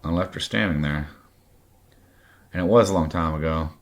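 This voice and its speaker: A man's voice: a bass voice, moderate pace. A man in his late forties from Kentucky tells a raw personal story on his podcast, blunt and heavily profane. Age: late 40s. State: drinking. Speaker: podcast host.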